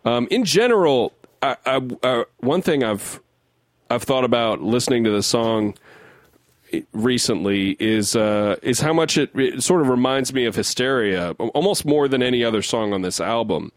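A man's voice: medium pitch, animated, normal speed, no room sound, clean studio sound. A young adult man co-hosting a podcast, breaking down a song in casual chat and talking in loose restarts and hedges. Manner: rambling, full of restarts and hedges. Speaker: podcast co-host. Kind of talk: casual music-analysis chat.

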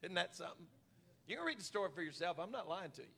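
Man, pastor, high bright voice, fiery sermon with repeats, reverb of a church hall. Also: big pitch swings, fast, creaky, husky. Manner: preaching with rising shouts and repeated words.

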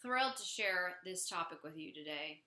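A young woman co-hosting a podcast, chatting casually and telling stories with animated energy. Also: fairly low pitch, normal speed, roomy sound. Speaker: podcast co-host.

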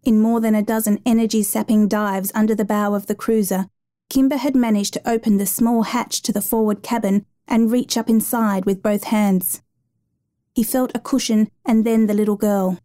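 A woman narrates a dramatic true rescue story in a measured, even reading. Her voice is mellow and warm, at a middle pitch.

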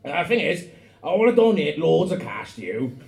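A man's voice: a little high, big pitch swings, moderate pace, creaky, darkish tone, echoey room, pitched above the performer's own voice. A man voicing a cocky, blustering Welsh man who writes to a donation office, in a put-on Welsh accent.

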